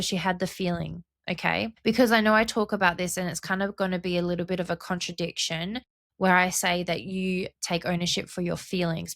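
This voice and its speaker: This young woman's voice sits lowish and creaky, captured at studio quality without any room sound. Hosting her own podcast alone, she reflects with earnest passion, frequently asking "right?" or "okay?".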